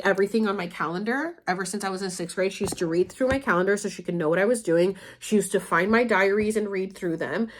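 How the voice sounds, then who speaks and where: Young woman vlogger talking straight to her mom, raw and emotional, doesn't hold back, mid-pitched. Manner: candid, emotional, blunt with swearing. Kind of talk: personal storytelling, addressing her mother.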